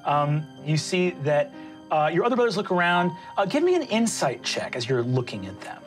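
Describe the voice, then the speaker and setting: Casual profane game master. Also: male voice, fairly high pitch, very animated, moderate pace. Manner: casual, profane, filler-heavy. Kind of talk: narrating a tabletop game. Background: music.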